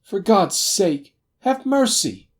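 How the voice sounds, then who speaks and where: A man voicing a nervous little hotel attendant caught stealing, in a high, frightened, pleading voice for an audiobook. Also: animated, measured pace, husky, exaggerated voice. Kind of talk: audiobook character voice.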